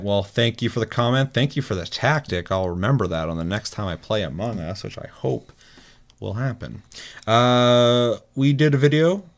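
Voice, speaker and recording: A man hosting a casual chat show, telling a gaming story with laughs and swearing. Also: on the low side. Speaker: podcast host.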